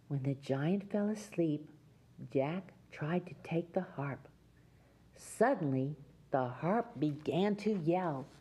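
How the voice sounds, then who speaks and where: A woman with a husky, medium-pitched voice hosts a children's show. She reads a fairy tale aloud to young children in a gentle, sing-song manner.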